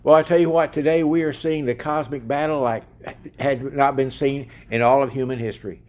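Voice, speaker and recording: A man's voice: mid-range voice, fairly even intonation, fairly quick, a little mellow. A man preaching a sermon in an emphatic way, asking his listeners direct questions.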